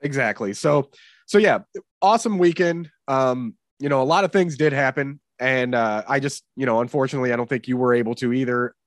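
A man's voice: medium pitch, fairly quick, no echo, clean studio sound. A man hosting a podcast in casual chat, rambling and cursing with many fillers. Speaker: podcast host.

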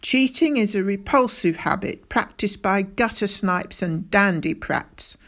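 A woman playing a stern, bullying male schoolteacher with a military past, who shouts and barks his orders. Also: mid-range voice, expressive, measured pace. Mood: menacing. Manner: shouting, barking.

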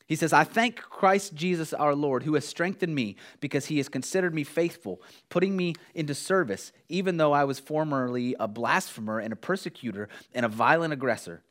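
A man preaching a sermon, emphatic, dropping to hushed lows and rising to raised exhortation, repeating key phrases. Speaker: pastor.

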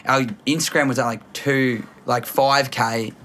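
A man's voice: medium pitch, fairly even intonation, measured pace, bright, forceful tone, a little hiss or hum. A young man, chatting loosely in a podcast with lots of fillers and frequent laughs. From Australia. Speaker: guest, content creator. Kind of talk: casual podcast chat.

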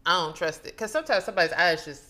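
Laughing woman with a lowish voice. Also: animated, very fast, sharp tone. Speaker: podcast co-host. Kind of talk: casual chat.

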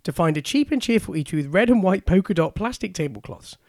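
A man's voice: sits high, expressive, fast, a little mellow, dry recording, studio quality. A man co-hosting a podcast, reading out news stories with chuckling asides. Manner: reads items out, chuckling asides. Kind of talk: casual chat, reading news aloud.

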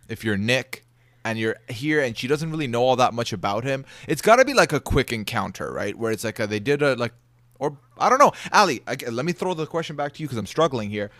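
A man's voice: mid-range voice, sing-song, a little fast, a bit bright, dry recording. A man co-hosting a podcast, thinking aloud tentatively and often seeking agreement. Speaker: podcast co-host. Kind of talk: casual chat speculating about a show.

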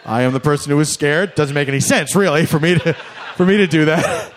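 A comedian performs a comic monologue that is sarcastic and mock-formal, often laughing through his words. His voice is on the high side, animated and fairly quick, and there's a little hiss or hum in the recording.

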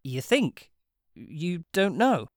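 A man's voice: a little high, very animated, very slow, dry recording, studio quality, pitched above the performer's own voice, heavily acted. A narrator voicing George, an awkward, polite young man who stammers when flustered, in an audiobook.

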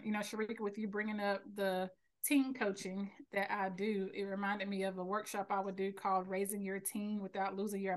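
A woman in her thirties with a Southern US accent from North Carolina, a coach answering interview questions in an earnest way and laughing easily. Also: mid-range voice. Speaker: teen and parent coach, podcast guest.

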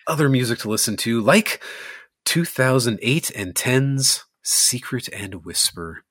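A man's voice: medium pitch, expressive, measured pace, fairly bright tone, no echo, clean studio sound. A man co-hosting a podcast, chatting casually about albums and laughing often. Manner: laid-back, laughs often, rates albums out of eleven. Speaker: podcast co-host. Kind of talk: casual music chat.

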